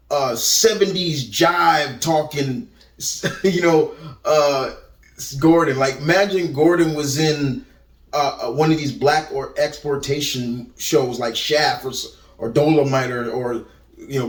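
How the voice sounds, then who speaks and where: A man's voice: on the high side, recorded from a distance. A man giving a casual, rambling movie review, often restarting and repeating words. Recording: roomy echo, voice set back from the mic.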